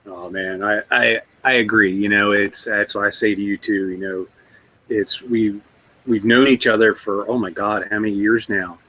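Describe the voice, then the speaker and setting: Easygoing low-voiced man. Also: steady tone, moderate pace, bright, forceful tone, low-quality recording. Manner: easygoing, laughs often, rambling. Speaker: co-host. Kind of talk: casual chat. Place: remote video call.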